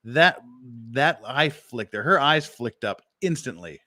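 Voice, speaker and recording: A man giving profane, excitable reaction commentary who repeats himself as he talks. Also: mid-range voice, unhurried, no echo, studio quality.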